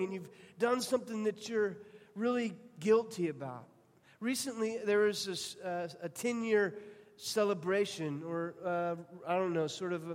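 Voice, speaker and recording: A male pastor preaching a sermon, earnest and storytelling, often restarting his phrases. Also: sits high. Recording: long hall reverb.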